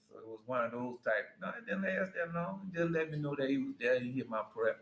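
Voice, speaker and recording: A man's voice: mid-range voice, brisk, a bit bright, a little hiss or hum. A man giving an informal Bible teaching in a conversational, rambling way with frequent asides. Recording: roomy echo.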